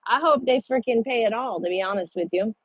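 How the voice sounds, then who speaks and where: A husky, slightly breathy woman talks bluntly and swears freely as she chats with her livestream viewers about trucking. The sound is dry and close, with a dull, lo-fi edge. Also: a little high, a little fast, no room sound. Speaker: truck driver. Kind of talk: casual livestream chat with viewers.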